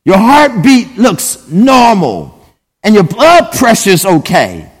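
A man's voice: high voice, wildly swooping pitch, slightly rough. A man preaching a sermon emphatically, repeatedly addressing his listeners as brethren. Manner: emphatic, repeatedly saying "brethren", drawn-out pauses. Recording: long hall reverb.

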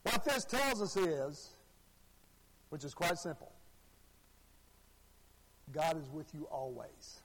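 A man's voice: fairly high pitch, sing-song, slow, long pauses, fairly bright tone, slight background noise. A man from Arkansas, preaching a sermon in a folksy storytelling way and repeating his phrases. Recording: long hall reverb.

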